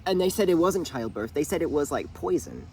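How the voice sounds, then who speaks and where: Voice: medium pitch, very animated, brisk, creaky, dark tone, a little hiss or hum. A speaker casually retelling a TV drama to a friend, rambling with lots of fillers and restarts. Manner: rambling, many fillers and restarts, bursts of laughter. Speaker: channel host.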